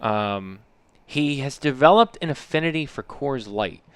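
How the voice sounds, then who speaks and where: A man in his thirties co-hosts a podcast in loose, casual chat, rambling through his stories with plenty of "like" and "you know" and the odd swear word. His voice is smooth and clean, with medium pitch. The sound is dry and close. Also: animated, unhurried, a bit bright, no echo. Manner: rambling storyteller, swears freely, heavy use of "like" and "you know". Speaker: podcast co-host.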